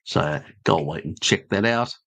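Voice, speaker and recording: A man's voice: sits low, expressive, moderate pace, creaky, a bit bright, no room sound. An Australian man from Tasmania hosting a live stream, chatting casually with viewers in a blunt, joking, rambling way full of fillers. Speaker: live stream host answering chat.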